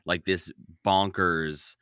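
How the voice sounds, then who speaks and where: A man co-hosting a podcast, talking in an animated, exclaiming way. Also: low-pitched, takes it slowly, clean tone, dry recording, clean studio sound. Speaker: podcast co-host. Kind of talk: casual chat.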